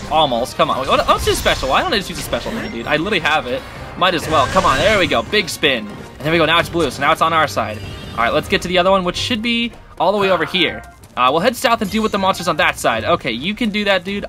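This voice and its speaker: A man hosting a gaming channel, giving excitable, chatty commentary while he plays and talks to the characters on screen. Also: on the high side. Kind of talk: casual gameplay commentary. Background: game music.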